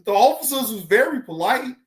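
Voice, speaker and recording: A woman hosting a reaction video, giving loud, profane, mocking comedic commentary and laughing often. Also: fairly high pitch, animated, a little fast, roomy sound.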